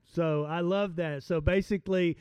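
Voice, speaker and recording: A man preaching a sermon, telling a story conversationally with many fillers and slowing down to stress points. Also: high voice, dark tone, clear, resonant tone, dry recording, muffled recording. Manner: conversational, hesitant with fillers, slows for emphasis. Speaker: pastor. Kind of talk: sermon with storytelling and scripture reading.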